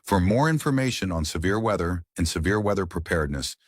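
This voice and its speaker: A male announcer reads a formal closing credit evenly. His voice is very deep and husky. It is recorded dry, right on the mic. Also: lively intonation, brisk, no room sound.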